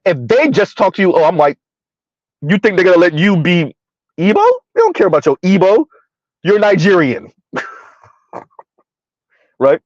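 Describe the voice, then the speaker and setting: A high-voiced man doing blunt, mocking live-stream commentary and reading chat comments, laughing often. His voice sounds dull and lo-fi. The recording is dry and close. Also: sing-song, normal speed, pauses often, no echo. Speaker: online commentator.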